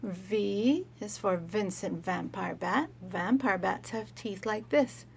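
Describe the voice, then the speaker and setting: A woman teaching young children letter sounds, speaking gently and sounding out each letter. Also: mid-range voice, slow, creaky, slight background noise. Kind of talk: children's phonics lesson.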